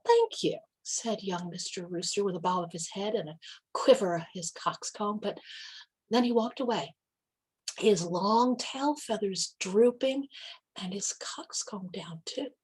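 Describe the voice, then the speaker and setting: A woman reading a children's animal story aloud during a church service, expressive and animated. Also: mid-range voice, measured pace, slightly rough.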